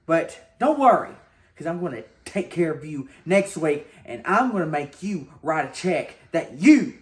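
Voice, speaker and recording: A man voicing a boastful, petty wrestler obsessed with his money. His voice sits high and swings widely as he repeats his complaints over and over. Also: big pitch swings, unhurried. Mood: smug. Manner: indignant, boastful, repeats himself. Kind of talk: comedy sketch acting.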